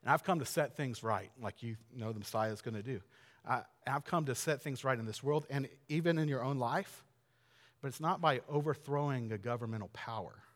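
A man's voice: medium pitch, in a large hall. A man preaching a sermon in a casual, conversational way, often acting out the scenes he describes. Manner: conversational, animated, acts out scenes. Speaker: pastor.

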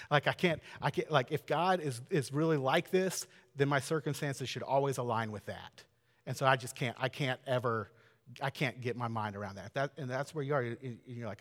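A man preaching a sermon in a church sanctuary, talking conversationally and earnestly, building to loud emphatic peaks. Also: on the high side, normal speed, big-room sound. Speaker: pastor.

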